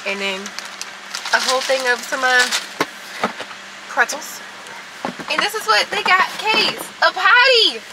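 A woman and mom of three vlogging casually to her viewers, chatty and animated, laughing often, filming on a phone from her car and out shopping. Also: sits high, a little slow, pauses often, very noisy. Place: in a car, later inside a large store. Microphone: phone on a car mount.

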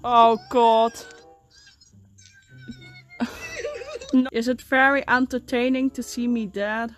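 A woman streamer chatting and laughing during a game, swearing and letting out loud exclamations. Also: on the high side, little pitch movement, takes it slowly, soft background music. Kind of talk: gaming stream chat.

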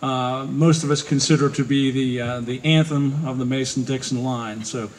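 A man introducing performers and guests as master of ceremonies at a public ceremony, speaking haltingly with many pauses. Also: mid-range voice, fairly even intonation, slight background noise, rough recording. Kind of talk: ceremony announcing. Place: outdoor park ceremony.

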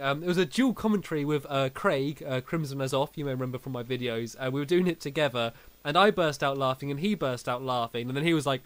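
A man's voice: mid-range voice, fairly quick, fairly bright tone, no echo. A young man hosting a casual podcast, telling stories animatedly and laughing often. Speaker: podcast host. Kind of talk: casual chat.

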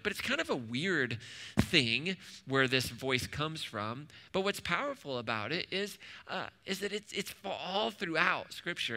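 A man's voice: on the high side, pushed and bright, big-room sound. A man preaching a sermon at a church in a conversational way, asking the room questions and adding joking asides. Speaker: pastor. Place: church hall.

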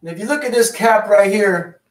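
A man's voice: sits high, moderate pace, echoey room. A man hosting a casual online chat, ranting with constant swearing, out of breath and sick. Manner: profane, ranting. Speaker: host.

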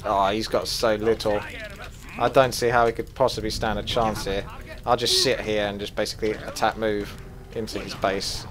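A man commentating his own strategy game as he plays it, swearing freely and flaring into loud rage before calming down again. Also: on the low side, moderate pace. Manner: swears a lot, flares into loud rage then calms. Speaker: gaming commentator. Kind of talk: gameplay commentary.

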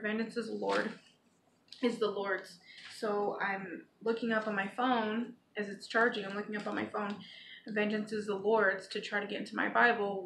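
Speaking to her viewers in a medium-pitched, gravelly, somewhat bright voice, a woman who vlogs about her Christian faith offers an informal devotional. She pleads earnestly and occasionally reads from scripture, in an echoey room with faint background noise.

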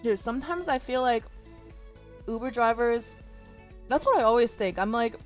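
Young woman streaming, kinda high voice, swears a ton, laughs a lot, faint music behind. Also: expressive, normal speed. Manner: rambling, swears a lot, laughs often, answers chat. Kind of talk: casual chat. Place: indoors near a window. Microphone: iPhone as webcam.

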